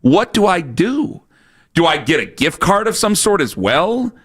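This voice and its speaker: Animated, rambling sports radio host. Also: male voice, sits high, unhurried. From Ohio, USA. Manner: rambling, animated storytelling with lots of fillers. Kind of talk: casual radio banter.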